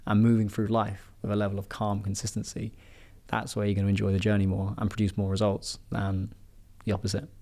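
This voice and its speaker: A man hosting a casual podcast, an animated storyteller who acts out the voices of the people he quotes. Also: on the low side, a little fast. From England. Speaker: podcast host and performance coach.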